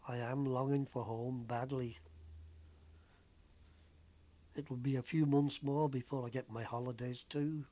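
A man voicing a young, homesick woman nurse who speaks earnestly and with quiet feeling. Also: mid-range voice, fairly even intonation, moderate pace, natural voice.

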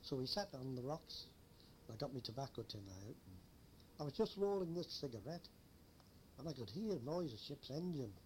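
A man's voice: medium pitch, animated, brisk, darkish tone, slight background noise. An older man, a former lighthouse keeper telling a rambling old story with chuckles. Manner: rambling, chuckling anecdotal teller. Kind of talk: oral history storytelling.

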